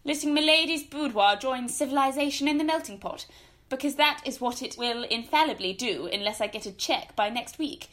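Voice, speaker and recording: An actress playing a brisk, formidable aunt in a comic radio drama, with a scornful, commanding manner. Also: female voice, sits high, a bit bright. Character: brisk formidable middle-aged English aunt.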